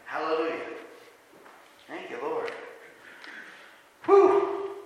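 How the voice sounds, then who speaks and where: A man preaching a sermon, animated and talking back and forth with his congregation. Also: sits high, moderate pace, heavy reverb, long reverb tail, muffled recording. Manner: animated, asks the congregation questions and answers them. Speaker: pastor.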